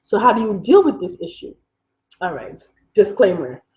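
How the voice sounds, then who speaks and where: A young adult woman from Africa, a vlogger, tells a personal story candidly and conversationally, wandering off and repeatedly catching herself. Her medium-pitched voice is very animated and warm at a moderate pace, though the audio is poor.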